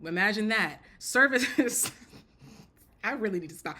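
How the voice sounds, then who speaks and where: Female commentator, blunt comic delivery, self-interrupting, bright and slightly high. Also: very animated, normal speed. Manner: blunt, joking, self-interrupting, laughs often; repeats and restarts phrases. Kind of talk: casual spoken commentary.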